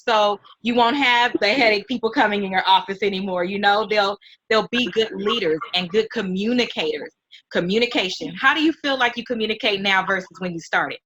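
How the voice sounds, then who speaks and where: A middle-aged woman hosting an interview, talking in a heartfelt, animated, mentoring way. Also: mid-range voice, normal speed, poor audio. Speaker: host and nonprofit founder. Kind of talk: emotional casual interview.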